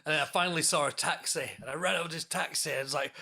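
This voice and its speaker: A man's voice: mid-range voice, rapid-fire, vocal fry, hardly any pauses, pushed and bright. A man hosting a podcast, telling stories in casual chat and swearing freely. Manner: chatty, swears, jokey interjections. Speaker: podcast host.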